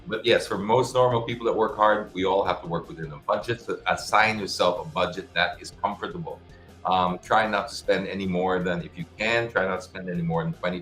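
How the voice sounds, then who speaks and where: Fielding viewer questions during a live-stream Q&A, a male host speaks casually in a very deep, low voice with a fairly bright tone. He gives blunt advice, frequently starting sentences over, in an echoey room with soft music in the background.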